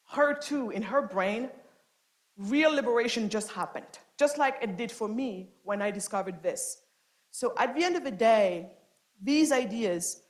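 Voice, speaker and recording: A woman giving a lecture to an audience, impassioned, swinging from loud emphasis to soft, quiet asides. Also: fairly high pitch, rough recording. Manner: frequent restarts and fillers. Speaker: guest lecturer. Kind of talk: speech to an audience.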